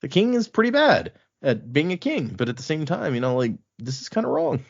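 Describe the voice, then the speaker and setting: Animated man recapping a book, lo-fi. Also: a little high, fairly quick, husky. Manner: animated retelling, quotes characters in a loose conversational voice. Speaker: podcast host recapping a book. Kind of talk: casual chat. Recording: dull lo-fi podcast audio.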